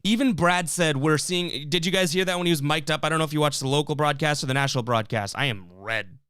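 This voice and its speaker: A man's voice: a little high, fast talker, a bit bright, smooth, no echo, clean studio sound. Fired-up man hosting a fan stream. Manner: fired-up, rambling, frequent restarts and fillers. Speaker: sports stream host reading chat. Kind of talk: casual live-stream commentary.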